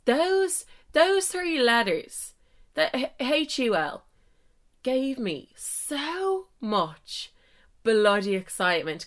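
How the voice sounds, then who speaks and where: A woman's voice: medium pitch, big pitch swings, unhurried, a bit bright. A young adult woman hosting her own podcast, chatting casually and mocking herself, with frequent mild swearing. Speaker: podcast host. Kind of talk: casual solo podcast chat.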